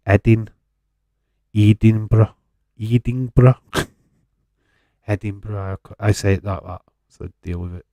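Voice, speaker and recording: Slow, gravelly man chatting on a watch-along. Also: fairly low pitch, darkish tone, dry recording. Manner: rambling, chatty, swears freely. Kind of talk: casual live watch-along chat and commentary. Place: home in Fife.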